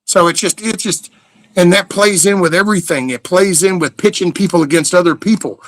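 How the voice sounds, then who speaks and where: A middle-aged man talks in a loose, meandering monologue. He is blunt and swears freely, and his voice sits a touch higher than most men's. The sound is close and dry, with no room echo. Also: brisk, fairly bright tone. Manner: blunt, profane, meandering with restarts. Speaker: livestream host. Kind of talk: rambling casual monologue.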